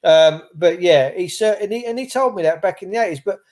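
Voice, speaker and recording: A man's voice: high voice, a little fast, a little mellow. A man, hosting a casual chat and telling rambling stories. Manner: rambling storyteller, swears casually. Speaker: host.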